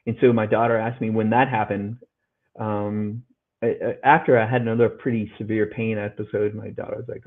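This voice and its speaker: Heard through what sounds like a phone line, the man's voice is on the low side, steady, and a little fast. He's middle-aged, a guest on a podcast, earnestly telling a hard story and voicing people's words loudly as he quotes them.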